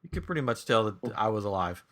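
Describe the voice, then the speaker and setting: A man's voice: lowish voice, fast talker. A middle-aged man co-hosting a casual podcast, telling stories with lots of laughter and putting on a raised voice for the people he quotes. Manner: animated, acts out quotes in a raised voice, laughs often. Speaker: podcast co-host. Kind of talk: casual chat, storytelling.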